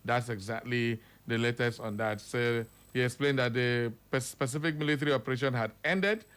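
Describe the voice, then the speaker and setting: A Nigerian man hosting a radio phone-in show, calming callers and reading the latest news. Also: mid-range voice, moderate pace, smooth. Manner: soothing, repeats himself to calm callers.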